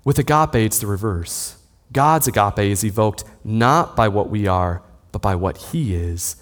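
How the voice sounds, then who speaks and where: A man's voice: fairly low pitch, animated, a little slow. A man in his thirties preaching a sermon, teaching steadily and posing rhetorical questions to the listeners. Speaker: pastor. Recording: long hall reverb.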